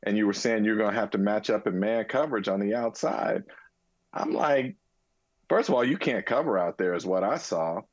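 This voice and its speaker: A man with a lowish voice making his case firmly and insistently, as if preaching. The sound is dry and slightly dull, with faint music behind him. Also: moderate pace, dry recording. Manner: emphatic, argumentative, preachy. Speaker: co-host. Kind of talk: casual sports talk.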